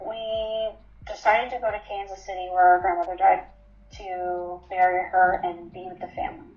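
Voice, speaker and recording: In an interview, a woman in her twenties shares her personal story candidly and matter-of-factly, saying "um" often. Her voice is on the low side with a level tone and moderate pace, and the recording is roomy and slightly dull.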